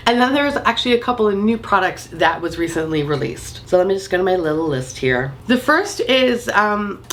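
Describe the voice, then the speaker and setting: Woman, beauty vlogger, swearing freely, lively swooping pitch, faint background hum. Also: brisk. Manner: animated, swears freely, laughs often. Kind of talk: casual chat to camera.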